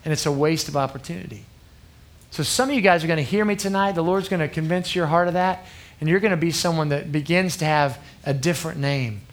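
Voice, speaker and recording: A man's voice: a little high, fast. Earnest man preaching to youth. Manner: earnest, conversational, often asks the crowd "okay?". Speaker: youth pastor. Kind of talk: sermon to a youth group.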